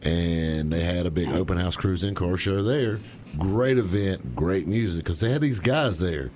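Man, radio co-host, casual car chat, very low pitch, lively intonation, faint noise. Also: measured pace. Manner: enthusiastic, joking car talk.

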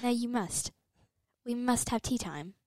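A woman's voice: a little high, expressive, unhurried, darkish tone, no echo. Playful joking woman co-host. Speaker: podcast co-host. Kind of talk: casual podcast chat.

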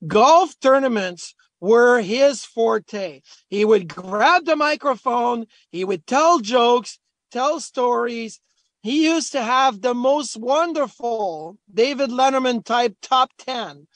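Animated man telling hockey stories. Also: extremely high pitch, slow, no echo. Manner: animated, chatty, acts out quotes. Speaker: former pro hockey player, guest. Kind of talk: storytelling. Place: golf charity event.

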